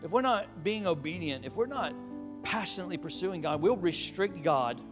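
High-voiced emphatic male preacher. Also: moderate pace, over music. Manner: emphatic, call-and-response, animated. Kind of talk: sermon.

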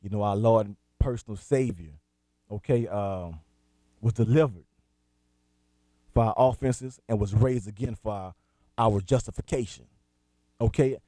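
A man's voice: fairly low pitch, unhurried, long pauses, mellow, dry recording. A man hosting a Christian talk radio show, preaching in a direct, emphatic way. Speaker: radio host and minister.

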